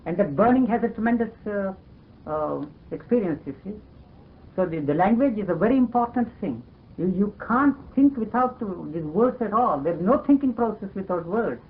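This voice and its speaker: Insistent high-voiced man on an old tape. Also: lively intonation, a little fast. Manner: emphatic, insistent, repeats "you see" and "no, no". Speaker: spiritual speaker in discussion. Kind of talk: philosophical conversation. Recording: tinny lo-fi archival recording with faint hiss.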